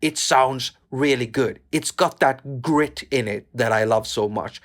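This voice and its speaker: A man's voice: mid-range voice, measured pace. A man from Sweden with a Swedish accent, hosting a casual synth app review video with teasing, crude humor. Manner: playful, teasing, crude jokes. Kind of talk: casual jokey video talk to camera.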